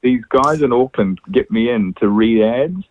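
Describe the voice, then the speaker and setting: A New Zealand man chatting as a comedian guest on the radio. His pitch swings widely as he tells stories, and he laughs easily. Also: measured pace, muffled recording. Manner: lively, animated storyteller, laughs easily. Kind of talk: casual radio chat. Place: radio studio.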